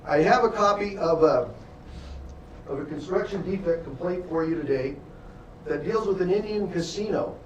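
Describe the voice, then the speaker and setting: A man's voice: high voice, moderate pace, dull audio. A man lecturing a class as a defense attorney, telling emphatic stories and speaking directly to the students. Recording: echoey room, distant mic, faint hum.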